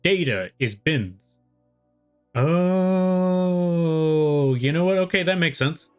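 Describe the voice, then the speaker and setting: A young American man talks off the cuff to his live-stream viewers as he draws, wandering from thought to thought and teasing himself along the way. His voice sits a little high for a man. Soft music plays quietly underneath. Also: lively intonation, extremely slow, clear, resonant tone. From United States. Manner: rambling, self-deprecating, chats with viewers. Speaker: art streamer. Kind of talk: casual live-stream chat while drawing.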